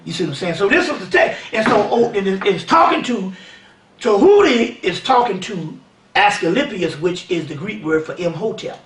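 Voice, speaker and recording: Guy lecturing a seminar, high bright voice, roomy far-off mic, keeps asking if u follow. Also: normal speed, slight background noise. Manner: animated, keeps asking "you see what I'm saying". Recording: roomy sound from a distant mic.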